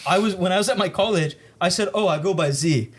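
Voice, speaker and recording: A man's voice: high-pitched, fast, slightly rough. A young man hosting a podcast, telling rambling stories in casual chat, swearing often and laughing through his own punchlines. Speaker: podcast host.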